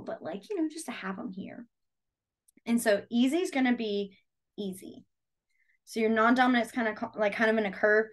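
A young woman with a fairly high voice runs a beginners' sign language class in a casual, chatty way. She leans on fillers and tells animated stories from her teaching.

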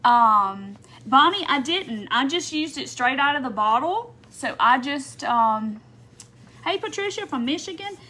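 A middle-aged woman chats through a home craft live stream, greeting viewers one after another. Her voice sits high and sounds bright and forceful, and she talks casually as she works. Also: lively intonation, measured pace. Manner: chatty, greets commenters by name while working.

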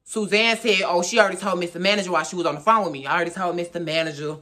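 A man's voice: high voice, racing. A man telling a story on his vlog in a casual, slangy way, animatedly acting out what people said. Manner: animated, acts out dialogue; slangy, repetitive phrasing. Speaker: storytime vlogger.

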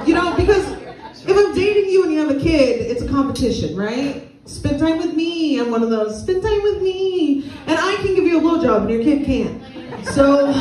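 A young woman performing a stand-up comedy set with crowd work, blunt and crude in a deadpan way. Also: on the high side. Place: small comedy venue with a live audience. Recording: echoey room, mic at a distance, audience laughter. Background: crowd laughing.

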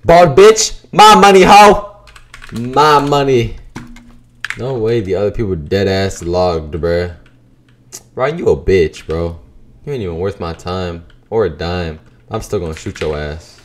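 A young man giving excitable, cursing gameplay commentary as a gaming YouTuber, breaking into shouts and laughter. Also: low-pitched, a little slow.

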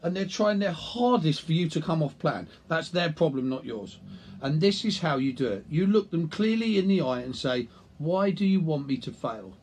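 A man's voice: on the high side, lively intonation, normal speed, a little hiss or hum. A man, a nutrition coach, talking bluntly and casually to camera, with the odd swear word. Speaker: nutrition coach and personal trainer. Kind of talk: casual talking-head vlog.

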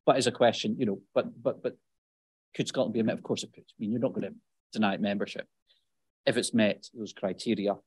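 A man speaking off the cuff on a policy panel, talking conversationally with many asides and quick self-corrections. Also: fairly low pitch, steady tone, husky, no echo. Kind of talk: unscripted panel discussion answer.

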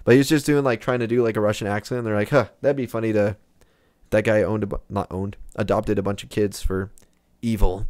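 A man's voice: on the low side, steady tone, fast, darkish tone, no echo, clean studio sound. Rambling young man chatting over a game. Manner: rambling, chatty, many fillers. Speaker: gaming streamer. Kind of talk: casual gameplay commentary.

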